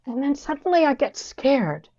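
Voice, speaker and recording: An older woman talking with an old friend in a hesitant, halting, self-doubting way. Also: high-pitched, very animated, mellow. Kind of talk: casual chat between old friends. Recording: dull lo-fi remote line.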